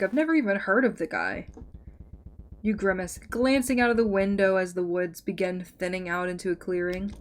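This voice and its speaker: A woman's voice: medium pitch, a little hiss or hum. A woman streamer reading a visual novel aloud and chatting playfully with her viewers.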